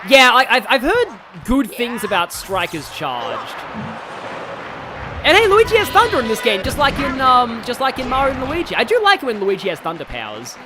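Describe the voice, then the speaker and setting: A game streamer giving excitable live commentary, often yelling at the game and wandering into chatty asides with lots of fillers. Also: mid-range voice, moderate pace. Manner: excitable, talks to the game, yells at big moments; rambling asides with many fillers. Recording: game music playing loud under the voice. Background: game music.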